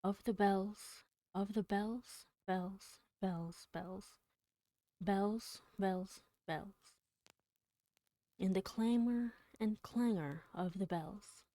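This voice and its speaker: A woman on a livestream, reading poetry aloud dramatically with drawn-out words and whispered passages, then chatting with her viewers. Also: mid-range voice, warm tone, no room sound.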